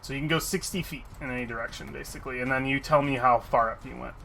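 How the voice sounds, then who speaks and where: A man's voice: mid-range voice, steady tone, fast talker, gravelly, sharp tone, slight background noise. A man narrating a live tabletop game as dungeon master, rambling with many fillers and restarts.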